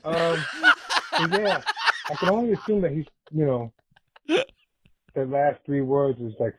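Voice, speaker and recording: A man's voice: mid-range voice, measured pace, long pauses, a little mellow, a little hiss or hum, poor audio. A man leaving a laid-back, amused voicemail, hesitating as he reads something out. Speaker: caller. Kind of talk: voicemail message.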